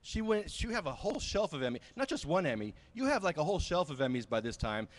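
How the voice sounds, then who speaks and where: A man hosting a casual podcast, chatting excitably and scolding his co-hosts in playful banter. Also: fast. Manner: excitable, scolding banter with big pitch swings. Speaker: podcast host. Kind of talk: casual chat.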